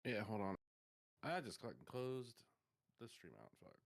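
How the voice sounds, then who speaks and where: A man joining over voice chat, groggy and in pain, giving low-key, mumbled replies. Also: big pitch swings, moderate pace. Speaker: guest on voice chat.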